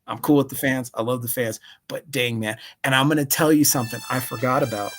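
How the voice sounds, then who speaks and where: A man, a convention vendor guest, telling a story on a live call in an animated way, acting out voices and saying "see?" again and again. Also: mid-range voice, a little fast.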